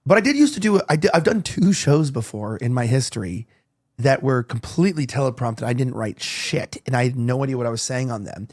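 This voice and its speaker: A man's voice: mid-range voice, lively intonation, a little fast, a little mellow. A man hosting a casual talk show, rambling with lots of restarts and the odd swear. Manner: rambling, heavy on "like" and restarts, profane. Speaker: podcast host.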